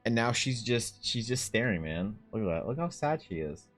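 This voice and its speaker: A man's voice: medium pitch, big pitch swings, moderate pace, a bit bright, faint music behind. A man chatting casually on a livestream, rambling with lots of fillers and casual swearing, reading chat and talking to his dog. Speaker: art streamer.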